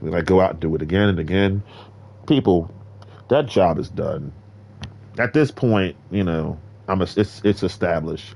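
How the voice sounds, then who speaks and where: Boastful male streamer, preachy rambling monologue to viewers, close mic in a soft carpeted room. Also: sits low, vocal fry, husky, lo-fi sound. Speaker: gaming streamer. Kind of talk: rambling solo stream talk. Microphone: desk mic in a carpeted room.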